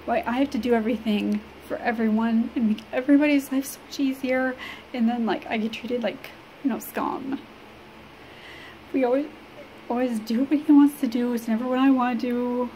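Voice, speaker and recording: A woman from Illinois talks to the camera in a personal vlog, halting and rambling with many fillers. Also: on the high side, low-quality recording. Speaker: vlogger. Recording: steady background noise.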